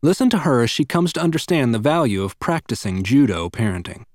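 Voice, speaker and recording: A man reads a parenting book aloud in a measured, earnest way, speaking directly to the listener. His pitch moves a lot across each sentence. The sound is dry, with no room echo. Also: sing-song, darkish tone. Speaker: audiobook narrator of a parenting book. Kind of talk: scripted nonfiction narration.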